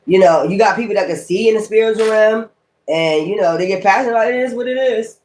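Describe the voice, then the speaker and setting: A woman's voice: medium pitch, fast, darkish tone, a little hiss or hum. Heated, foul-mouthed woman tarot reader. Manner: heated, blunt, heavy cursing. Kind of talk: casual profane rant to viewers.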